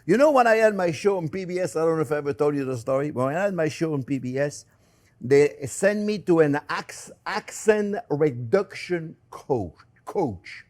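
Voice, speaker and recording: A man's voice: a little high, normal speed. An older man with a French accent, hosting a cooking demonstration in a chatty way, laughing at himself as he works. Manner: chatty, animated, self-mocking asides with chuckles. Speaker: cooking show host.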